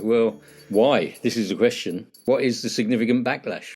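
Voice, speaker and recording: A man's voice: mid-range voice, moderate pace, darkish tone, faint music behind. A man co-hosting a casual political chat podcast, teasing his partner and answering with probing questions. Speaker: podcast co-host.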